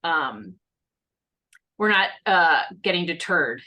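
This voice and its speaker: A woman's voice: lowish voice, animated, slow pace, sharp tone. A woman hosting a casual conversation over a video call, speaking in a chatty, reassuring way with many fillers. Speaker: host.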